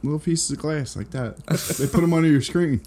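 A man's voice: fairly high pitch, a little fast, slight background noise. A man co-hosting a casual podcast, cracking crude profane jokes. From Philadelphia. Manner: crude joking, profane, animated. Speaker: podcast co-host. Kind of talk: casual chat.

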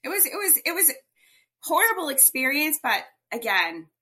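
A woman guest on an interview show, telling a personal story in an emphatic, animated way. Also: high voice, moderate pace. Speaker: guest entrepreneur.

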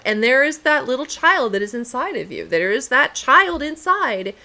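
A woman's voice: high-pitched, sing-song, moderate pace, bright, forceful tone. A woman co-hosting a casual talk show, speaking emphatically and repeating her points like a lesson. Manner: emphatic, preachy, repeats phrases. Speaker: podcast co-host. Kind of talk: casual chat.

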